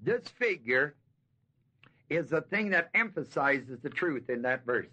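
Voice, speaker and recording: A man giving a verse-by-verse Bible teaching, with a slightly high and bright, forceful voice. He talks at a slow, deliberate pace, drawing out key words for emphasis and putting questions to his listeners. The sound comes from a dull, lo-fi 1970s tape recording. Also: very animated, breathy edge. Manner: emphatic, slows and stresses key words, asks the audience questions.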